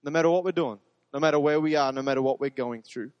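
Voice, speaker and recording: A man's voice: a little high, fast talker, no room sound, in a large hall, muffled recording. A man, a pastor preaching a sermon in an earnest, emphatic way that repeats phrases for stress.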